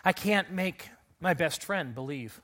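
Bright-voiced pastor preaching an Easter sermon. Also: male voice, fairly high pitch, animated, unhurried. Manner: earnest, builds to loud emphatic calls. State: recovering from illness.

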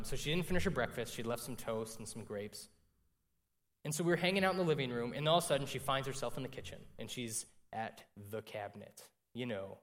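A man's voice: medium pitch, a bit bright. A young man preaching a sermon, telling a personal story in a conversational way and often checking in with the congregation. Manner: conversational, frequent "right?" asides to the congregation.

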